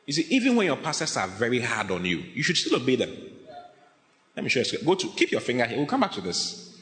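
Animated pastor in an echoey hall. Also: male voice, mid-range voice, fast talker. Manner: animated, laughing, acts out quoted voices. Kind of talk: sermon. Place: church hall.

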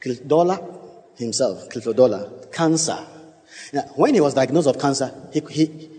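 A man preaching a sermon, emphatic and quizzing his congregation, with sudden leaps in pitch. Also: animated, normal speed, warm tone. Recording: long hall reverb.

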